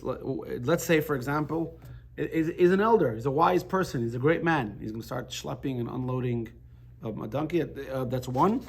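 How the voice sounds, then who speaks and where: In a chatty, halting Torah class, a man with a fairly high, husky voice cracks jokes and keeps restarting his sentences.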